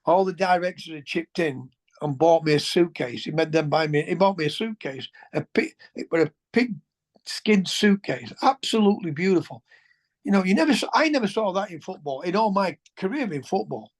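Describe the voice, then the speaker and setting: A man, a former footballer telling colloquial, animated anecdotes as an interview guest. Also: high-pitched, normal speed. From England. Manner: animated, colloquial, swears, restarts sentences. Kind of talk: anecdotal storytelling.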